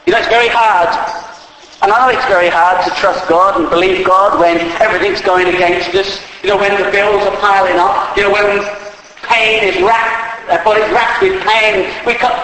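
A man's voice: sits high, moderate pace, a bit bright, slight background noise. A man preaching a sermon with emphasis, spelling words out and acting out believers' doubting voices. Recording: echoey hall with faint ambience.

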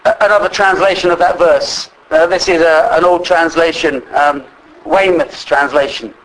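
A man preaching a sermon, earnestly slowing down to stress the scripture he reads. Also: fairly high pitch, fairly even intonation, fairly bright tone, low-quality recording.

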